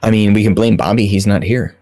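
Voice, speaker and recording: A man's voice: fairly low pitch, steady tone, brisk, warm tone, no echo. A man co-hosting a casual podcast chat about tabletop games. He laughs a lot, talks loosely, and swears casually. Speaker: podcast co-host.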